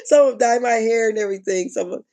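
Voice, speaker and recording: A woman chatting casually on a live stream, animated and slangy, often laughing and exclaiming. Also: on the high side, racing. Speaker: reality TV commentator.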